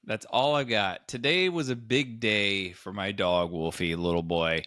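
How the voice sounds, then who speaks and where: Low-voiced man telling a rambling story. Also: unhurried, sharp tone, dry recording, studio quality. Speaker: podcast co-host. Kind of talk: casual comedic chat.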